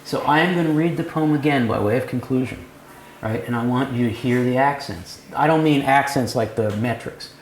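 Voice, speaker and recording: In a cafe room full of seminar participants, the leader, a man with a mid-range voice, speaks fairly quickly as he lectures on poetry and poses questions to the group. The recording has a roomy feel and faint background noise.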